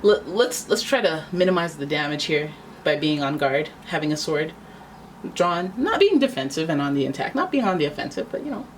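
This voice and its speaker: Low-voiced chatty woman tarot reader. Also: big pitch swings, fairly quick, slight background noise, low-quality recording. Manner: chatty, dramatic, acts out quoted voices. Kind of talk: casual tarot reading.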